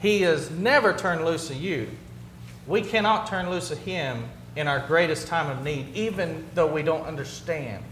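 A man with a fairly high voice preaches a sermon in a roomy, echoing space. He sinks to a hushed, quiet tone on the weighty words before building back up, and a faint hum sits behind him. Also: normal speed. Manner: drops to a hushed low voice on key words, then builds up. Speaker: pastor. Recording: roomy, echoey hall.

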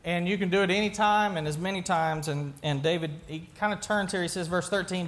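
A man's voice: high-pitched, fairly quick, few pauses, fairly bright tone. A male pastor giving a sermon in a conversational way, asking the congregation questions and often restarting his sentences.

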